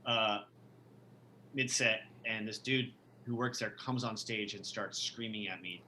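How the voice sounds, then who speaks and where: Give me a bright-voiced man who tells a road story casually. He swears often and backs up to restart his sentences. A faint noise sits under the voice. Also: lowish voice, fairly even intonation, a little slow. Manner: rambling, profane, with many restarts. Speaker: musician and podcast guest.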